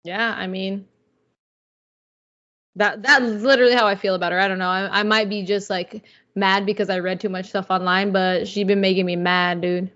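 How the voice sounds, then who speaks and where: A young woman co-hosting a casual podcast, talking in an animated, slangy way with lots of "like" and "dude.". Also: mid-range voice, normal speed. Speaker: podcast co-host. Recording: slightly dull lo-fi audio.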